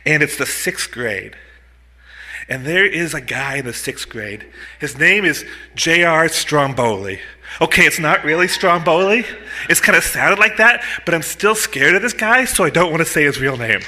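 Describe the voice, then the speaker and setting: A man in his fifties from the United States, telling a true story live on stage into a mic on a stand, with animated, punchy delivery and comic asides. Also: a little high, moderate pace. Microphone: mic on a stand in front of him.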